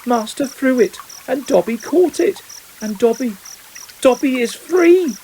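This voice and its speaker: A man voicing a small, excitable male house-elf who talks about himself in the third person. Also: very high voice, measured pace, a little hiss or hum, voice pushed up, heavily acted, poor audio. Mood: disbelieving joy.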